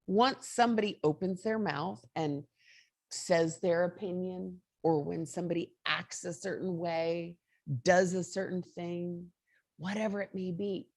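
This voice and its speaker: A woman hosting a morning mindset show, giving a casual motivational monologue in a chatty, animated way with frequent laughter. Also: lowish voice, no echo, studio quality.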